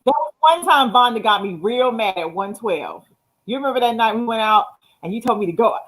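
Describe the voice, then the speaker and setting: A woman chats on a live show. Her high voice swoops up and down as she tells stories, acting out what her friends said. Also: a little fast, low-quality recording. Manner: animated storytelling, acts out quotes. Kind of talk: casual chat.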